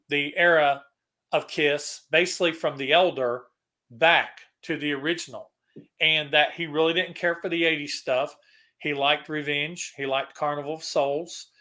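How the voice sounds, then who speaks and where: Bright-voiced rambling middle-aged male host. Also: a little high. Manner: rambling, restarts sentences often. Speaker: podcast host. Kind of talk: casual chat.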